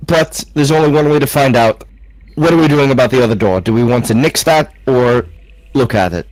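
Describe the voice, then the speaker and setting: A man playing a tabletop game, chatting in a joking, excitable way. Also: medium pitch, fairly quick, dry recording, poor audio. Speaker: player. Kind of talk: casual tabletop game chat.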